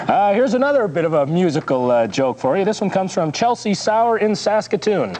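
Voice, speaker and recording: TV host, playful joke reader, high and animated, faint background noise. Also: male voice, normal speed. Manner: chuckling and playful. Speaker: children's TV show host. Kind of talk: reading viewer jokes aloud.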